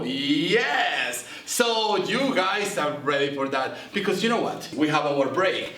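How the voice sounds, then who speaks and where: A man presenting a playful word-of-the-week segment on a school news show, animated and teasing, drawing out the Spanish words. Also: a little high, slow pace, few pauses, echoey room, distant mic.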